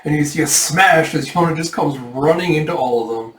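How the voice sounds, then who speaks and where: A man giving a casual, animated readthrough of a comic, retelling each panel. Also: a little high, fairly quick. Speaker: manga reader. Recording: echoey room, mic at a distance.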